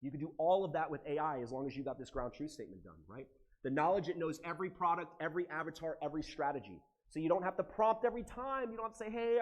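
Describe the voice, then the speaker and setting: An American man with a somewhat high voice gives a live seminar talk to a room full of people. He speaks in an animated, emotional way and swears casually as he goes. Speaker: conference speaker. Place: conference room with audience.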